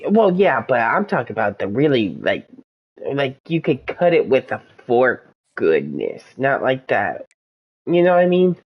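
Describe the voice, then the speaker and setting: A husky-voiced gaming streamer rambles from one topic to the next, animated and loose, with the pitch bouncing all over the place. It sounds like casual chat during a game. The recording is dull and lo-fi, as from a basic streaming mic. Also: measured pace. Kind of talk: casual chat while playing.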